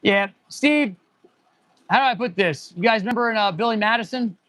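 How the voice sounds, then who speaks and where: A man's voice: sits high, normal speed, a bit bright, no room sound. A man in his forties, an auto mechanic hosting a casual livestream, rambling and answering viewer chat as he goes. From United States.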